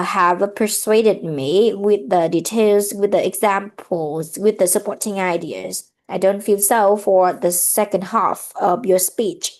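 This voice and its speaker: A woman's voice: mid-range voice, darkish tone. A woman, tutoring English over a video call and giving patient, corrective feedback. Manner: patient, corrective, repeats "okay?" often. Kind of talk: feedback in an online speaking lesson.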